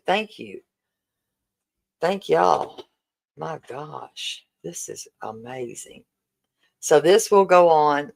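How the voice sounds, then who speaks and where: Woman in her 40s, livestream host, slow unhurried delivery, emotional and grateful. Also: low-pitched, poor audio. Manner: warm, emotional, repeatedly thanking viewers. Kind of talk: casual livestream fundraiser chat.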